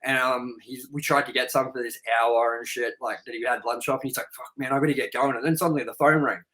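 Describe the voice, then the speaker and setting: A man with a mid-range voice talks fast on a rough recording as he hosts a casual podcast. He tells stories candidly, swears freely, and animatedly acts out what people said.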